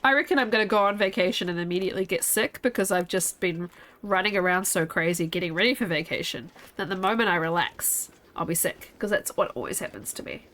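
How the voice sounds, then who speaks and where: A woman's voice: fairly low pitch, fast, fairly bright tone. Sleepy, chatty woman streamer. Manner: chatty, rambling, talks to chat. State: sleepy, yawning. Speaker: game streamer. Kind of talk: casual gameplay chat.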